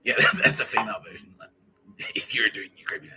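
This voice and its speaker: Male podcast host, lowish and very bright-toned, rambling and profane. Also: fast talker, soft background music, poor audio. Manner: rambling and profane, laughs often. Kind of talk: casual monologue.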